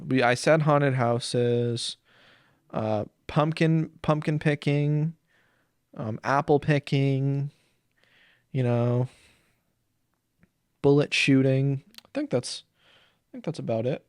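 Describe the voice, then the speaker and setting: Young male podcast host, crude and rambling, average pitch, dry close sound. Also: fairly even intonation, takes it slowly, pauses often, clear, resonant tone, no room sound. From Saint Paul, Minnesota. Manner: rambling, crude, jokey, slips into silly voices for bits. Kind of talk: comedic solo podcast rant.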